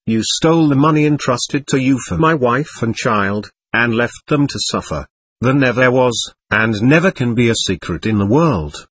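A man reading the part of a wronged male spirit who sternly accuses his old partner, with a slightly husky voice. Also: mid-range voice, dry recording.

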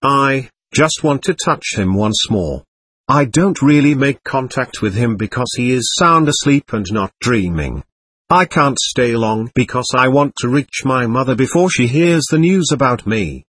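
A man reading the part of a young woman's spirit, calm and measured, in a dry, close recording. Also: medium pitch, slightly rough, dry recording.

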